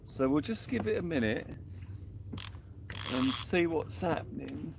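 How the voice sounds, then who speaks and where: A man's voice: a little high, animated, slow pace, creaky, very noisy. Chatty man commentating from a boat. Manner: chatty, cheery running commentary. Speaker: fishing vlogger. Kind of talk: live-stream commentary. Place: outdoors on a small boat at sea.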